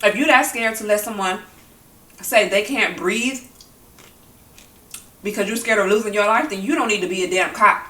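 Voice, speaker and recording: A woman's voice: mid-range voice, normal speed, long pauses, sharp tone, distant mic. Heated, profane woman vlogger, echoey room. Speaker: mukbang vlogger. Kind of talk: angry opinion talk while eating.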